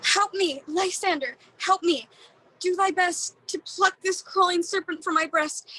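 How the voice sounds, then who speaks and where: A woman playing the young maiden Hermia, delivering verse slowly and carefully in a community theatre reading. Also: very high voice, sharp tone, full character voice, low-quality recording. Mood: frightened.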